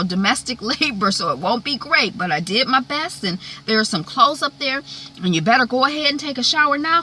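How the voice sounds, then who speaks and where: A woman's voice: a little high, bright, forceful tone, voice pushed up. Woman doing a sweetly coaxing schemer. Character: scheming woman feigning kindness.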